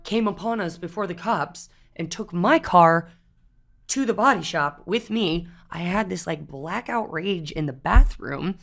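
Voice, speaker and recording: A woman's voice: fairly low pitch, expressive, a little slow, gravelly, a bit bright. A woman co-hosting a podcast, casually and candidly telling stories about her past, swearing freely. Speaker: podcast co-host. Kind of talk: casual chat.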